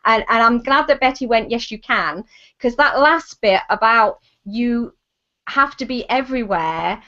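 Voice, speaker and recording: This is a British-accented woman hosting an online chat, fairly high in pitch. She reads out viewer comments quickly, breaking off and restarting. The call audio sounds dull and muffled. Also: sharp tone. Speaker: host.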